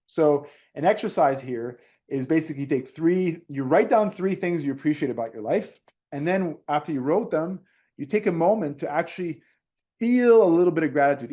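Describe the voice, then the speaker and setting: A man's voice: fairly high pitch, muffled recording. A middle-aged man presenting a webinar in an informal, conversational way, often repeating words. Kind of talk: casual webinar talk.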